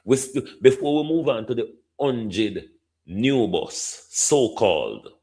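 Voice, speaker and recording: A man's voice: medium pitch, expressive, a little mellow. A middle-aged Jamaican man giving opinionated commentary, stretching key words for emphasis and ending points with a questioning "hmm?". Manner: repeatedly addresses a minister by name, drawn-out emphasis, tag "hmm?". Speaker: political commentator.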